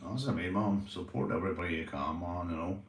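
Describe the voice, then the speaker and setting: A man's voice: low-pitched, fast, background noise. A Northern Irish man in casual vlog chat, rambling and swearing, often saying "you know". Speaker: vlogger, police auditor. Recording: roomy, from a distance.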